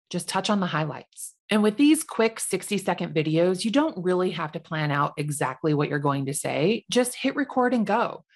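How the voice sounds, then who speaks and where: A woman in her forties, a realtor, giving chatty, self-deprecating advice in a solo podcast. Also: fairly low pitch.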